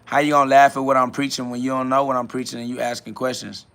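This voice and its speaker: A man's voice: medium pitch, flat delivery, quick pace, a bit bright, clear, resonant tone. A man hosting a live stream, answering chat questions in a preachy, blunt way, with casual slang and quoted Bible verses. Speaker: livestream host.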